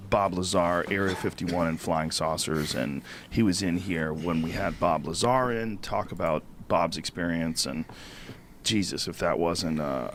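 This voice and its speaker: A man's voice: sits low, slight background noise. A man hosting a podcast, talking casually and asking his guest follow-up questions. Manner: conversational, asks follow-up questions. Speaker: podcast host. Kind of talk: interview questions.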